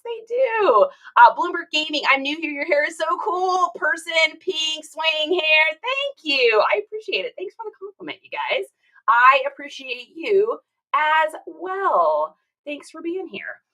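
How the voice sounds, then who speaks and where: A woman's voice: high voice, pushed and bright, low-quality recording. A woman chatting casually on a livestream while packing orders, reading viewer comments aloud and laughing often. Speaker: reseller streaming live.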